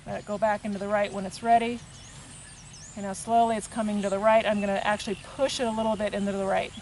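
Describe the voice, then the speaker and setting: A woman equine therapist narrating a hands-on treatment demonstration outdoors, talking in a soft, unhurried way and murmuring gently to the horse between explanations. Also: medium pitch, flat delivery, a little hiss or hum. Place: outdoors with a horse, rural setting.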